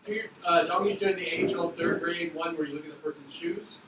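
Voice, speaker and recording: Guy teacher talking fast to his class, kinda far from the mic, roomy echo. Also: fairly high pitch, steady tone. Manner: quick, loose, joking with students. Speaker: middle school teacher. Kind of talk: classroom instruction. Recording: echoey classroom, far from mic, background noise.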